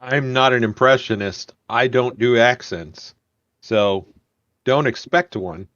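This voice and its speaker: A man narrating as game master of a tabletop game, halting often with filler words. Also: medium pitch, a bit bright, no echo, dull audio.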